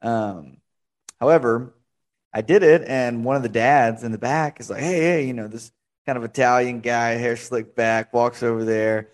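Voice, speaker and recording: Young male podcast host, casual, rambling, mid-pitched. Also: fairly even intonation, moderate pace. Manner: chatty, rambling storyteller. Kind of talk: casual interview chat.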